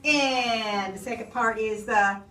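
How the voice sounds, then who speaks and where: A woman teacher reading a story aloud and leading her class, slow and expressive, hushing the children. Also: a little high, recorded from a distance. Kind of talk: classroom lesson and read-aloud. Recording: echoey classroom heard from afar.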